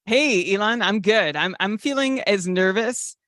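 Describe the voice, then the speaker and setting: A man's voice: high voice, expressive, a little slow, bright, forceful tone, dry recording, clean studio sound. A man co-hosting a podcast, talking in a nervous, rambling way with lots of fillers. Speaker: podcast co-host. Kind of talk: casual podcast chat.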